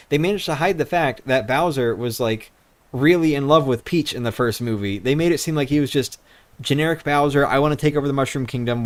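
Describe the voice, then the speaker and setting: A young man streaming live, rambling casually into a handheld microphone, swearing now and then. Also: medium pitch. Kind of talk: casual livestream chat.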